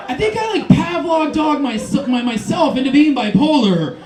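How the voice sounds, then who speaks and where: A man doing a stand-up set, telling stories in a manic rush with shouted asides. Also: very high voice, sing-song, measured pace, a crowd in the background. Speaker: stand-up comedian. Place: comedy club stage. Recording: echoey club room.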